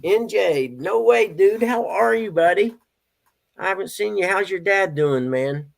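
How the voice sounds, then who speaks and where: A man's voice: high voice, expressive, measured pace, creaky. A middle-aged man hosting a casual live stream, chatting and greeting viewers by name. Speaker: stand-in host of a live stream.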